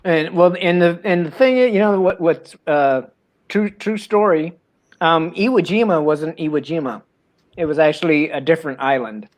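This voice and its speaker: A man's voice: a little high, moderate pace. A man co-hosting a casual chat, joking and hesitant, swearing casually while eating popcorn.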